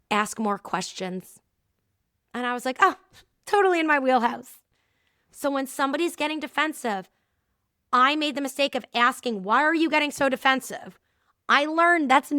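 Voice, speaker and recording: A woman hosts a talk show on her own. Her voice is bright, clear and fairly high, recorded close and dry. She tells stories and slips into the voices of the people in them. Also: no room sound. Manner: lively storytelling, acting out quoted dialogue. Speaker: podcast host. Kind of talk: casual solo talk with anecdotes.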